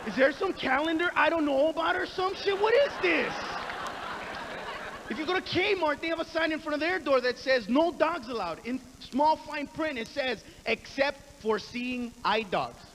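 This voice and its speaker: A man doing stand-up, brash and profane, riffing fast on stage. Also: very high-pitched. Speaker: stand-up comedian. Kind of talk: stand-up comedy routine. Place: live comedy stage. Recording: noisy live comedy recording.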